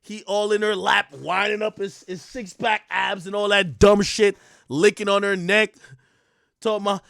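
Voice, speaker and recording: A young man rants with excitable, profane energy, often laughing and breaking into loud bursts. His voice sits high for a man. The recording is close and dry, with no room sound. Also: normal speed, vocal fry, dry recording. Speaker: streamer and commentator. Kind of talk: casual rant.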